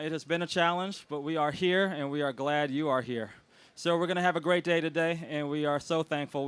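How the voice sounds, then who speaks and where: A man, co-owner of a restaurant, hosting an outdoor anniversary celebration with emotional, grateful words and loud announcements. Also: on the high side, clear, resonant tone, dry recording. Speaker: restaurant co-owner and event host. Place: outdoors on a city street.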